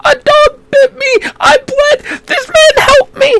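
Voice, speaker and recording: A man voicing a young boy who is hurt and crying, sobbing and shouting in a tabletop game. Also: extremely high pitch, flat delivery, slow pace, slight background noise, pitched above the performer's own voice, heavily acted.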